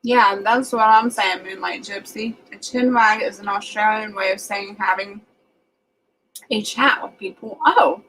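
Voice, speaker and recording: A woman's voice: medium pitch, fairly even intonation, a little slow, fairly bright tone, a little hiss or hum, rough recording. Chatty Southern woman hosting a live chat. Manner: chatty, rambling, reads out viewer comments. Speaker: livestream host chatting with viewers. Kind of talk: casual live chat reading comments.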